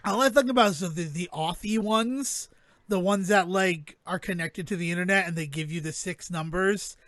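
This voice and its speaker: A man's voice: high-pitched, normal speed, a bit bright, no room sound. A man in his thirties co-hosting a podcast, telling rambling stories with frequent chuckles. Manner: rambling storyteller, chuckles often. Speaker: podcast co-host. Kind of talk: casual chat.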